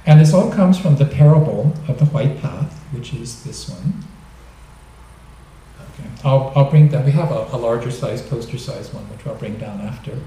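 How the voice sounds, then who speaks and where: A man giving a dharma talk, explaining gently and joking now and then, recorded in a temple hall. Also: medium pitch, expressive, moderate pace, slight background noise. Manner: gentle, explanatory, with light humor. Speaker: minister. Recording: echoey hall, mic at a distance.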